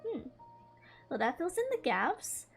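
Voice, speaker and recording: A playful young woman with a high voice plays through a story game, reading lines aloud and joking at the screen. She laughs and teases a lot. Faint game music sits under her voice. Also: big pitch swings, measured pace. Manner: playful, giggly, teasing. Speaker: gaming streamer. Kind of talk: let's-play commentary and reading dialogue.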